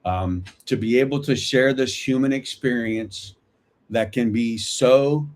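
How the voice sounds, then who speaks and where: A man's voice: medium pitch, slow pace. A man in his fifties hosting a live talk, earnest and reflective, often checking in with "right?". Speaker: host of a veterans support livestream.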